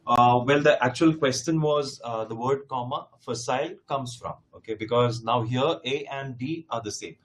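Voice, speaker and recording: A man's voice: medium pitch, normal speed, hardly any pauses, fairly bright tone. A man teaching a live test-prep class, addressing his students directly and repeating key points with emphasis.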